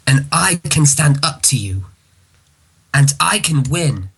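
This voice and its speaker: A man's voice: on the high side, animated, slow pace, gravelly, fairly bright tone, slight background noise, heavily acted. A man reading the part of an earnest young female unicorn heroine in a defiant, earnest way. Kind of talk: reading a comic aloud in character.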